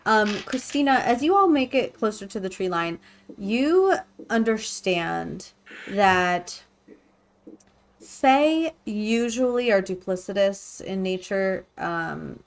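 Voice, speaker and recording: Slow, hesitant woman game master. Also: medium pitch, animated. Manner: hesitant, many ums. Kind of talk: narrating a tabletop game.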